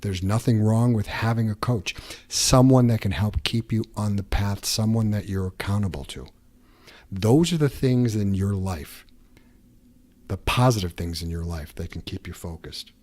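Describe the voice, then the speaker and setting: Man, low voice, husky, motivational podcast host, earnest coaching talk. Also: normal speed, a little mellow. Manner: earnest coaching tone, voices inner doubts aloud.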